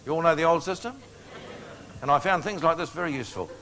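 A man's voice: on the high side, fast talker, bright, forceful tone, slight background noise. Older New man preaching folksily. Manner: folksy, joking, chuckles at his own stories. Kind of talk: storytelling sermon.

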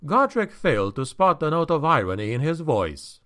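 A man reading a fantasy audiobook in a measured, expressive storytelling manner. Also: on the high side. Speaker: audiobook narrator. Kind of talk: scripted fantasy audiobook narration.

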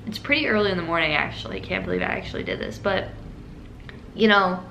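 A young woman with a bright, crisp voice tells a story from her childhood in a casual vlog. She chats along animatedly, laughing often and scattering filler words. The room sounds echoey, with a faint hiss underneath. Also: mid-range voice, expressive, quick pace. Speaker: vlogger. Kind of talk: casual story-time monologue.

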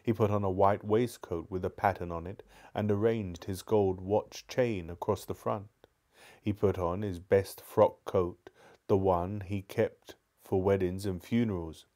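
A man's voice: deep voice, a little mellow. A man reading a children's novel aloud live, sometimes stumbling and restarting lines. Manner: stumbles and restarts, apologizes to viewers. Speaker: book reader.

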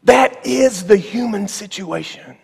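A man preaching a sermon as pastor, emphatic, slowing on key phrases, with ironic asides. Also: high-pitched, vocal fry, darkish tone, slightly rough. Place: church sanctuary. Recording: long church reverb.

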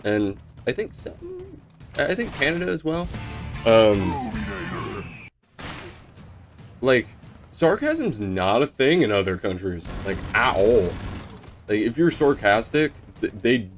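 A man from the United States giving casual, deadpan, sarcastic commentary over his gameplay, swearing freely and rambling with fillers and restarts. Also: medium pitch, measured pace, soft background music. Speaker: gaming channel host.

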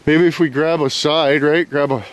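On the high side and at normal speed, a man's voice comes through with a touch of hiss or hum as he records his buddies outdoors on a handheld camera. The vlogger curses, laughs, and hypes them up excitedly, calling them all "boys."

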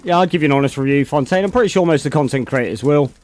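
A man's voice: a little high, rapid-fire, darkish tone. Laid-back Bristolian man streaming a game. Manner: laid-back, chatty, says mate a lot. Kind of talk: casual gaming chat.

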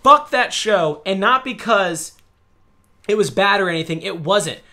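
A man co-hosting a loose, casual podcast. He rambles from one tangent to the next, swears freely and drops into quick put-on voices while telling stories. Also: high voice, expressive, sharp tone. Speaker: podcast co-host. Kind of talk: casual chat.

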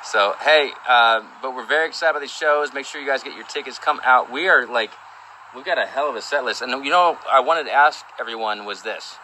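A man with a strikingly bright, sharp tone chats on a livestream from home. He is upbeat and relaxed, with faint background noise under his voice. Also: medium pitch, a little fast, poor audio. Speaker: co-host of a livestream. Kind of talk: casual livestream chat. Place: their home.

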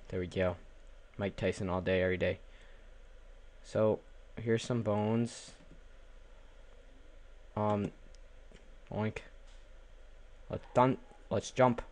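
Young man, goofy let's-play commentary, low-ish voice, keyboard clicks nearby. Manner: goofy, talks to the animals, repeats words in a silly chant. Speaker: gaming channel host.

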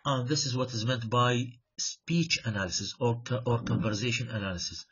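Man, lecturing, repeats and checks in with the class, slightly husky, muffled lo-fi sound. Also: mid-range voice, moderate pace, a bit bright. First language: Arabic. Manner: repeats himself, checks with "right?", switches into Arabic asides. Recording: dull lo-fi sound.

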